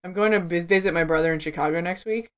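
Low-voiced playful woman co-host. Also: quick pace. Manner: playful, swearing, laughing. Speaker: podcast co-host. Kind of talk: casual chat.

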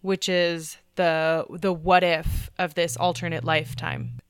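A woman's voice: on the low side, flat delivery, unhurried, clear, resonant tone, no room sound, clean studio sound. A woman co-hosting a podcast, chatty and hedging, with many fillers and restarts. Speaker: podcast co-host. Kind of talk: casual chat.

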